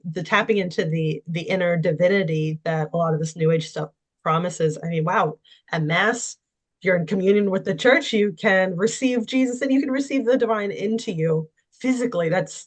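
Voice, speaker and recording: A woman's voice: lowish voice, fairly quick. A woman guest telling her personal story in conversation, candid and anecdotal, with frequent fillers. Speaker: interview guest.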